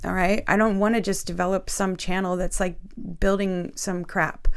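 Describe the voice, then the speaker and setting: Woman, faith video host, mid-pitched voice, earnest and emotional, casual talk to camera. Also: level tone, moderate pace, clean tone. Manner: earnest, emotional, addresses viewers directly with frequent "okay?".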